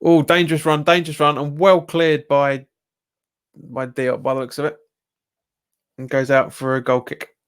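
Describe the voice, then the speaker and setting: Excitable Cockney-accented football streamer. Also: male voice, moderate pace, long pauses, clear, resonant tone. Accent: Cockney-tinged London English. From England. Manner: exasperated, jumps up in pitch at bad calls, chats with viewers. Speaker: football fan livestreamer. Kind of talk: live match watch-along commentary.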